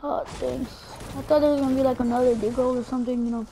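A woman with a high voice commentates her own gameplay live, speaking fast and chatting excitedly to her viewers. She reacts loudly whenever she finds something or faces a threat, and there's a little hiss or hum on the audio.

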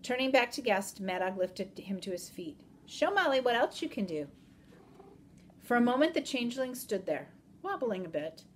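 A woman narrating a children's novel aloud in an even, measured storytelling manner. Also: mid-range voice, a little hiss or hum. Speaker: audiobook narrator.

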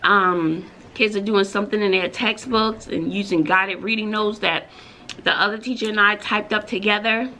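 At normal speed and in a mid-range voice, a Texas-accented teacher chats in a casual vlog from her classroom over lunch. Her storytelling is chatty and animated, with sudden squeals, and there's slight background noise.

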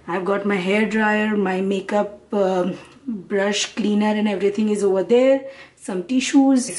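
A woman's voice: medium pitch, a little mellow, low-quality recording. A woman, chatting casually to the camera in a home vlog. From India. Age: 30s. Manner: chatty, confiding, talks to camera. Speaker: vlogger. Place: home, bathroom.

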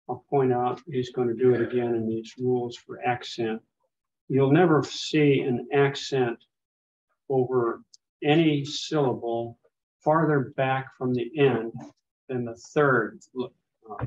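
A man's voice: medium pitch, a little hiss or hum. Man teaching Greek, lo-fi room. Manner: patient, explains with fillers and restarts. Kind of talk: classroom teaching. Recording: dull lo-fi classroom recording.

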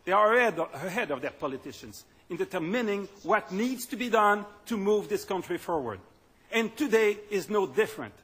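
A party leader delivers a political speech in a high, bright, slightly husky voice. He speaks emphatically and sometimes repeats words as he searches for them. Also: lively intonation. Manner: emphatic, with halting repetitions.

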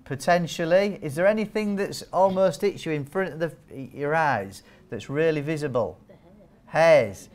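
A male wound care trainer gives a talk to nurses before a live audience in a training hall. His voice is on the high side at a moderate pace, and he's chatty and joking as he quizzes the crowd.

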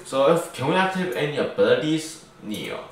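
In a mid-range, sing-song voice at a slightly fast clip, a man gives rambling let's-play commentary as a gaming YouTuber, joking around and correcting himself. His microphone is distant, producing a very echoey sound with faint noise.

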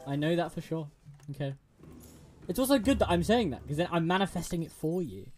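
A man's voice: fairly high pitch, animated, a little fast, soft background music. A young man streaming a game, chatting to a friend, giggling and stumbling over restarts. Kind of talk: casual gameplay chat with a friend.

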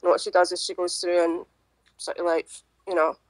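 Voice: mid-range voice, little pitch movement, fairly quick, no echo. A channel co-host on a livestream, speaking hesitantly and apologetically, with many restarts. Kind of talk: casual group livestream chat.

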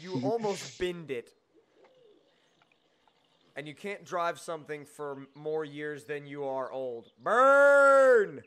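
In a casual gaming video, a young male host teases his friend and laughs a lot as they play, sounding exasperated at times. His voice sits on the high side and is smooth, and he speaks slowly with long pauses.

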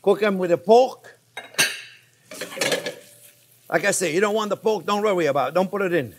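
A man hosting a casual cooking demonstration as a chef. He talks in an animated way, repeats phrases, chuckles, and calls his viewers friends. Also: high voice, fast talker, background noise. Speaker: chef, cooking show host.

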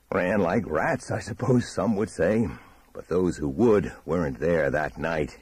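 A man reading a horror audiobook in a measured, dramatic storytelling manner. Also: sits low, darkish tone, slightly rough, no echo. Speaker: audiobook narrator. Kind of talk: scripted horror narration.

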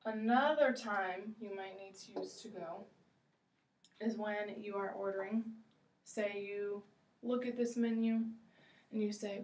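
A woman teaching English, slow and encouraging, repeating phrases for a learner. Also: mid-range voice, fairly even intonation, darkish tone, far from the mic. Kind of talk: ESL role-play lesson. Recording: echoey room, voice from afar.

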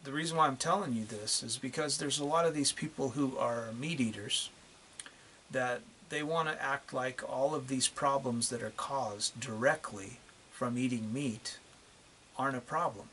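A middle-aged man rants into the camera in a bright, forceful voice, swearing and dragging out key words to hammer his point home. A faint hiss sits under the recording. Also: mid-range voice. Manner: angry, profane, ranting; drawn-out emphatic phrasing. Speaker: channel host. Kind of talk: vlog rant to camera.

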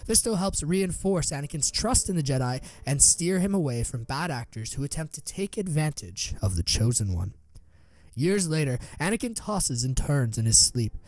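Lively male story narrator. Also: on the high side, normal speed, no room sound.

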